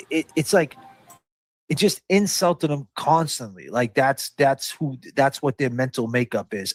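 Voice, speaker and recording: A man's voice: medium pitch, no room sound. Heated male guest, dry close sound. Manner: heated, repeats "like", stumbles and restarts. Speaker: guest commentator. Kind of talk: casual stream talk.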